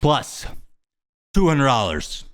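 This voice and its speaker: A man's voice: mid-range voice, big pitch swings, slow pace, a bit bright. A young man hosting his own video, ranting about a product with crude, exasperated swearing. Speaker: host. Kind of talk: profane ranting commentary.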